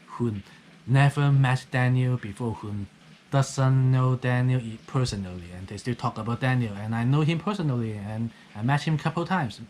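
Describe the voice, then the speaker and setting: A man's voice: medium pitch, a little mellow, a little hiss or hum. Rambling man, rain outside. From Hong Kong. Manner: rambling, keeps tagging "okay?". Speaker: vlogger. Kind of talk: casual monologue. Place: guest house on a rainy night.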